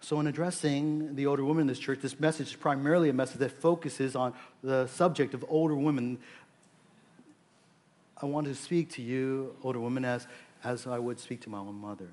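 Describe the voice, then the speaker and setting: Male pastor, 40s, earnest sermon delivery, halting with frequent restarts. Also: medium pitch, fairly even intonation, darkish tone. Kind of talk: prayer and sermon.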